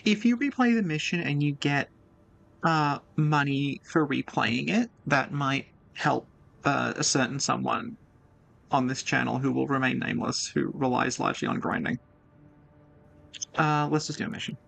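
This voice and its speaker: A woman's voice: very deep voice, moderate pace, vocal fry, fairly bright tone. A woman streaming a game, chatting casually and thinking aloud as she plays. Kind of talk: casual gameplay commentary.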